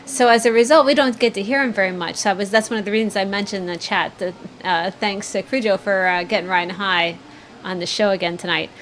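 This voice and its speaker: A woman's voice: mid-range voice, steady tone, fast talker, fairly bright tone, a little hiss or hum. Easygoing laughing female co-host. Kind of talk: casual livestream chat.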